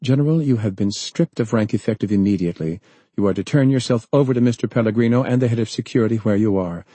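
A man's voice: lowish voice, fast, dry recording, voice pushed up, lightly acted. A man reading aloud, voicing a cold, commanding woman official who speaks sharply and imperiously. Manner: sharp, imperious, rising to a shriek.

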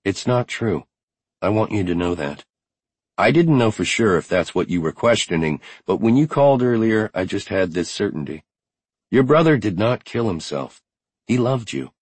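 A man's voice: fairly low pitch, big pitch swings, normal speed, husky, no room sound, pitched above the performer's own voice. A man voicing a grieving widowed woman in an audiobook, tired but strong, speaking bluntly and earnestly. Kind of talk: audiobook character reading.

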